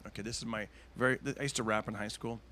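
Rambling comedian telling old war stories. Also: male voice, fairly low pitch, fairly even intonation, fast, pushed and bright. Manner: rambling, full of fillers, bursts into cartoon impressions. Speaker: stand-up comedian, podcast guest. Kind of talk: casual storytelling chat.

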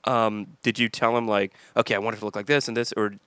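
A male comedian hosts a loose podcast chat, rattling along quickly and swearing casually. His voice sits low, recorded dry and close. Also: little pitch movement, bright, forceful tone, smooth, no echo. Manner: fast, jumpy, swears casually.

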